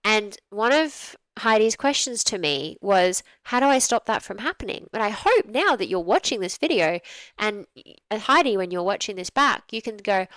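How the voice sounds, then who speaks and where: Smooth-voiced woman coaching dog owners. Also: medium pitch, lively intonation, moderate pace, fairly bright tone, no echo, rough recording. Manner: conversational, explains with acted examples. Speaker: dog trainer. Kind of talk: video review commentary.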